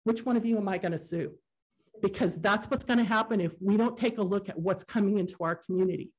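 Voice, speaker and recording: A woman's voice: mid-range voice, quick pace. Earnest woman speaking at a hearing. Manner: emotional, earnest, a bit unrehearsed. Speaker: resident testifying at a public hearing. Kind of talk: public comment at a council meeting.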